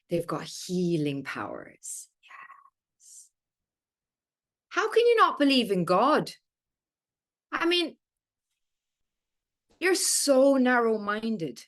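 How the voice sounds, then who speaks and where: A woman's voice: mid-range voice, fairly bright tone, exaggerated voice. A woman performing a monologue as a dry, tongue-in-cheek woman who lectures others about faith. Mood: earnest. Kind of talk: monologue reading.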